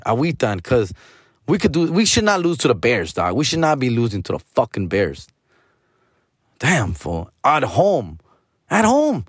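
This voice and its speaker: A man's voice: a little high, slightly rough, no echo, studio quality. A middle-aged man hosting a casual podcast monologue, talking in a slangy, profane, rambling way and mixing in Spanish words. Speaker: podcast host.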